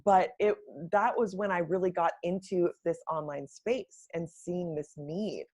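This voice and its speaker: A woman who works as a brand strategist, answering interview questions in a measured, explanatory way. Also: lowish voice, steady tone, darkish tone, slightly rough. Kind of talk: casual live-stream interview.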